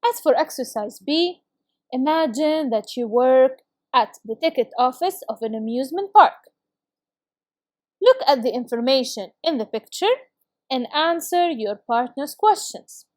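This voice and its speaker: High-voiced woman teaching an English lesson. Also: expressive, measured pace, darkish tone, no room sound, studio quality. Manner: clear, encouraging classroom delivery. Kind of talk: recorded video lesson.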